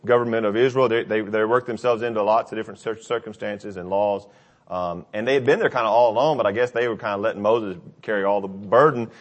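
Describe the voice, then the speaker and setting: A man preaching a conversational sermon, telling a scripture story with personal anecdotes and acting out the quotes. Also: on the low side. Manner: conversational, animated when quoting.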